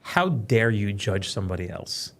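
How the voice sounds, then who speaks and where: Profane, animated man telling stories. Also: on the low side. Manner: profane, fast-talking, animated storytelling. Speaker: podcast guest, police trainer. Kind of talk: casual podcast chat.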